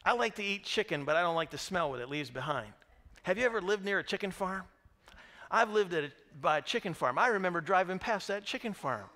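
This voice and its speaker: A man pastor preaching a sermon, telling the story lively and asking the congregation questions. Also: high-pitched, brisk. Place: church sanctuary.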